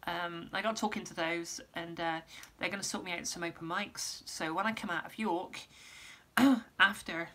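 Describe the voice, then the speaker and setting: Woman, casual vlogger, losing her voice, lowish pitch, rambly. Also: steady tone, normal speed, bright, forceful tone. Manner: rambling, lots of ums and restarts. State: losing her voice, clearing throat. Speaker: musician giving an update. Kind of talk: casual vlog update.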